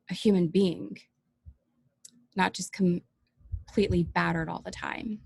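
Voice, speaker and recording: A woman life coach speaking earnestly and emotionally in a personal welcome vlog, pausing often and sometimes close to tears. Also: lowish voice, gravelly, no room sound. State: teary-eyed.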